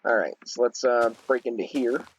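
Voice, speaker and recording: A man's voice: mid-range voice, moderate pace, breathy edge, low-quality recording. A young man rambling casually through a story while playing a game, with lots of fillers and restarts. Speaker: gaming video host. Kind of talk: casual storytelling over gameplay.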